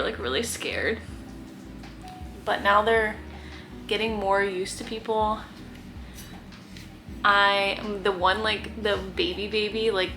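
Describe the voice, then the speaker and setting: Slow-talking young woman, chatty vlog. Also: mid-range voice, bright, forceful tone. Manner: chatty, lots of "like", coos in baby talk. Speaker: vlogger fostering kittens. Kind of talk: casual chat to camera. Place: home guest room.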